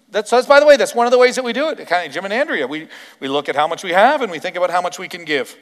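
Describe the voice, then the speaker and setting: Canadian male pastor, high voice, emphatic sermon delivery, long reverb of a big hall. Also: quick pace. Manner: emphatic, animated, many rhetorical questions.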